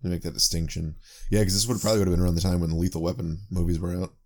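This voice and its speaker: A man with a very low voice hosts a relaxed movie commentary podcast. He reads film credits aloud and jokes around with his co-hosts, cursing casually along the way. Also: racing. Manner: laid-back, swears freely, reads credits aloud. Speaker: podcast host.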